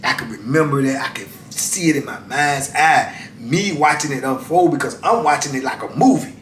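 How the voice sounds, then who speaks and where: Animated storytelling man in an echoey room. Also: medium pitch, recorded from a distance. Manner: animated, drawn-out storytelling with frequent "man" and "you know". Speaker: channel host telling prison stories. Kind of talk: casual storytelling. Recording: echoey room, voice away from the mic, faint background noise.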